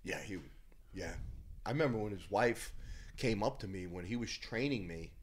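A man in his fifties, a former bodybuilder and podcast guest, telling loud, profane, animated gym stories. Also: on the low side, moderate pace. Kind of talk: casual storytelling chat.

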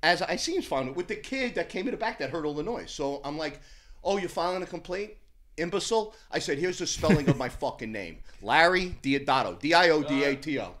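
Brash, animated middle-aged man. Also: fairly high pitch, brisk. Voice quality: brash, profane storyteller with a loud, animated delivery. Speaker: guest storyteller. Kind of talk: casual podcast chat.

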